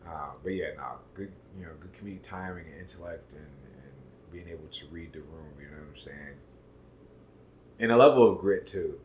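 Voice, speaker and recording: Brief: very deep, relaxed man, casual chat, filler-heavy, volume swings. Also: moderate pace, a little hiss or hum. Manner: laid-back, lots of "you know what I'm saying", swings loud and soft. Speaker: podcast co-host.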